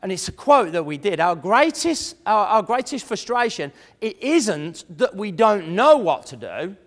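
A man giving a lively motivational seminar talk to an audience, chatty and full of mimicked voices. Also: high-pitched, a little slow. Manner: animated, conversational, mimics imagined voices. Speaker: motivational speaker. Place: large room before an audience. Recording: echoey hall.

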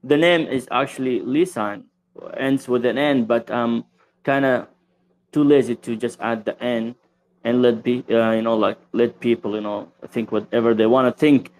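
A man's voice: medium pitch, steady tone, normal speed, darkish tone. A man calling into a radio show, an Arabic speaker who talks in English, hesitant and evasive, full of fillers. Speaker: caller. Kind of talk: hesitant call-in talk.

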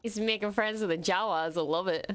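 A young woman streamer reacting to an episode, talking quietly and gushing with excitement, with plenty of swearing. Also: mid-range voice, fairly quick. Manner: hushed, gushing and swearing freely.

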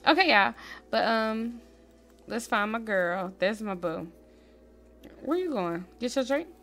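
A woman hosting a casual let's-play, chatting straight to her viewers and swinging between quiet murmuring and excited squeals. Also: fairly high pitch, slow pace. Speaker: gaming channel host.

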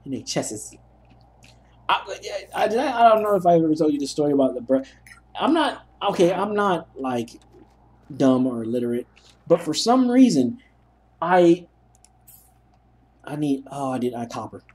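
A man's voice: a little high, big pitch swings, normal speed, long pauses, a little mellow. A young man narrating a gameplay session, telling rambling, self-mocking stories as he plays. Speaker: gaming commentator. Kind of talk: let's play commentary.

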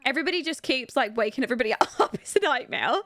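A woman's voice: high voice, expressive, fast talker, fairly bright tone, no echo. A young woman giving chatty, giggly commentary on her life-sim game and talking to her viewers. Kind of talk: casual gameplay commentary.

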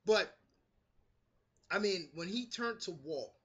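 Casual New male reviewer, high and bright, excitable and profane. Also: slow pace, slightly rough. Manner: animated, swears freely, acts out quotes. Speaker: TV episode reviewer. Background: street construction noise.

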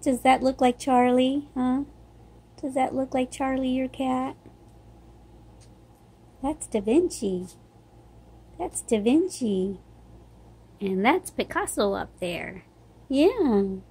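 High, lively sing-song woman cooing to a baby. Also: slow pace, long pauses, slightly rough. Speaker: vlogger. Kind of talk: baby talk to an infant. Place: home, indoors. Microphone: phone.

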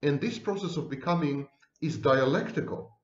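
A man gives a psychology lecture straight to camera, mixing dry humor and theatrical asides into his explanations. He slows down to stress key words with deliberate weight. The recording sounds roomy and a little dull. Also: fairly high pitch, lively intonation. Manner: wry, theatrical asides, slow deliberate emphasis. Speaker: psychology professor.

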